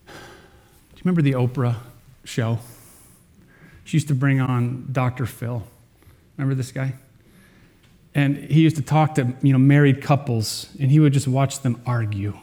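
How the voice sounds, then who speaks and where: A man preaching a sermon to his congregation, earnest, with dramatic pauses and swings in loudness. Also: mid-range voice, fairly even intonation. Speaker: pastor.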